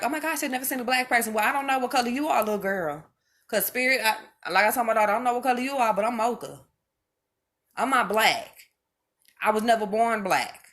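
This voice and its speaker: A woman's voice: medium pitch, a bit bright. A mother speaking straight to her viewers in an impassioned monologue, emphatic and preachy, hammering home each point by repeating it.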